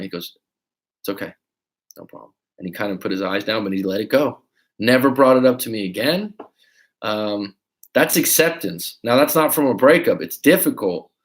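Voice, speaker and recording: A man coaching on a livestream, talking casually and telling stories with swearing and acted-out quotes. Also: lowish voice. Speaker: life coach. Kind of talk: livestream advice talk.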